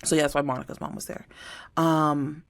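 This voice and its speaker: Young woman podcast cohost spilling reality show tea, animated, does the voices when she quotes folks. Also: deep voice, a little fast, creaky. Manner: animated storyteller, acts out quotes. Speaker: podcast co-host. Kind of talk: casual chat recapping reality TV.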